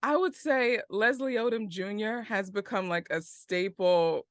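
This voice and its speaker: A woman's voice: mid-range voice, measured pace, no room sound, clean studio sound. A woman hosting a podcast, chatting casually in a bubbly, effusive way with a little Southern slang. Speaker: podcast host. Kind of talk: casual chat.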